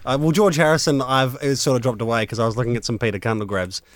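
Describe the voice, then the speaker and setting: A man's voice: mid-range voice, fairly even intonation, fast, crowd noise. A man with a South Australian accent, a radio panel operator joking in casual comedy banter with a dry, self-deprecating manner.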